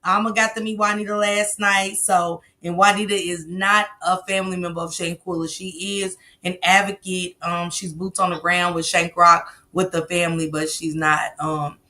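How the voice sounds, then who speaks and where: A woman hosting a casual live stream, telling stories loudly and animatedly with slang and swearing. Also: lowish voice, level tone, normal speed, hardly any pauses.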